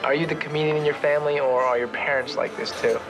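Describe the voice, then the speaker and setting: Actor playing a fast, flirty American guy. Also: on the high side, steady tone, music in the background, natural voice, rough recording.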